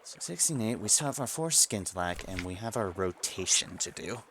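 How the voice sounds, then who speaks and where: Low, gravelly man playing a game. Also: lively intonation, normal speed, fairly bright tone, slight background noise. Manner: muses aloud, reads game text to himself. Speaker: let's play streamer. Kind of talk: casual game commentary.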